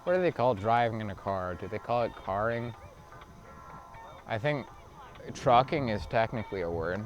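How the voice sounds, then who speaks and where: A man's voice: on the low side, lively intonation, moderate pace, highs cut off, soft background music. A man rambling to himself in a profane, absurd stream of thought while cycling outdoors on city streets. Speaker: vlogger.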